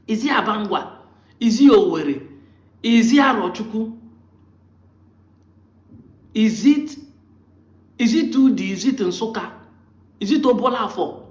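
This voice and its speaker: A man with a Nigerian accent giving a combative monologue, firing off rhetorical questions at his critics. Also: sits high. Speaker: online commentator. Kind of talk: argumentative monologue. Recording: roomy, muffled lo-fi sound.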